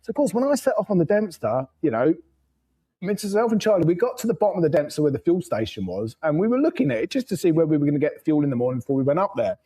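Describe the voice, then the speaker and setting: Man, podcast guest, rambling anecdotes, swears, laughs a lot, mellow tone. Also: fairly high pitch, sing-song, fast talker, husky, low-quality recording. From England. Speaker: podcast guest, motorcycle traveler. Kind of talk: casual storytelling.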